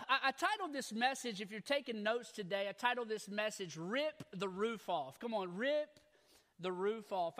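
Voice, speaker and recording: Pastor guy in his 30s, higher voice for a man, folksy and fired up, repeats himself a lot. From Louisiana. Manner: folksy, repetitive, energetic. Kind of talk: sermon.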